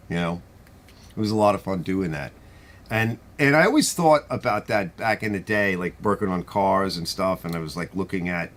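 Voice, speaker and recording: A middle-aged man with a New York accent hosts a live stream, chatting casually and answering viewer comments in a rambling, conversational way. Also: lowish voice. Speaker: host of a garage channel live stream.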